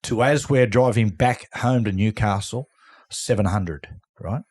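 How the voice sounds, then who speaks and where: A man's voice: fairly low pitch, unhurried, slightly rough. A middle-aged Australian man telling a story casually as a podcast guest, acting out what other people said. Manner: animated yarn-spinner who acts out other people's lines. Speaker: guest, former rugby league player.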